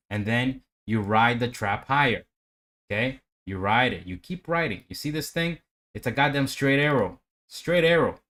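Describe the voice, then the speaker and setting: A man's voice: medium pitch, fairly bright tone. Hyped-up profane man streaming his trades. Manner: profane, hyped, talks to himself and chat. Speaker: livestream day trader. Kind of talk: live trading commentary.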